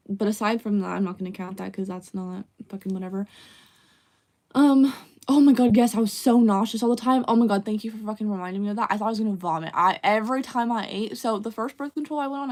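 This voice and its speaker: Young female streamer, casual live chat, blunt and profane, mid-range pitch. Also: a little mellow. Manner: candid, frequent swearing. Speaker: livestreamer.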